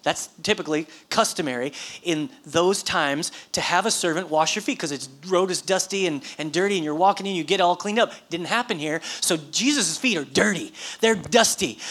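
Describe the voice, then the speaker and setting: A woman preaching a sermon, telling a scripture story in a lively, animated way with questions to the congregation. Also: lowish voice, moderate pace. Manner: animated storytelling with audience prompts and laughter.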